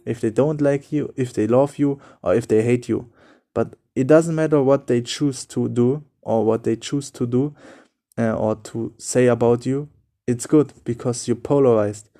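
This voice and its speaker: Mellow-voiced man, non-native English. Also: mid-range voice. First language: not English. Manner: earnest, repetitive, loose non-native phrasing. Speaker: podcast host. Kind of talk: solo motivational podcast talk.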